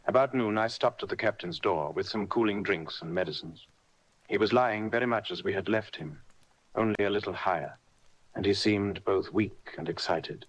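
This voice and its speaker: A man narrating a classic adventure novel in a steady, measured storytelling manner. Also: lowish voice, husky, low-quality recording. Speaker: audiobook reader. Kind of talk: scripted narration.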